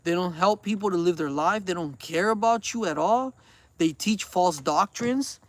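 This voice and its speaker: Vlogger in his forties with a high voice, earnest and preachy, rambles and repeats himself. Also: normal speed, dry recording. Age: 40s. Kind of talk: casual rambling chat.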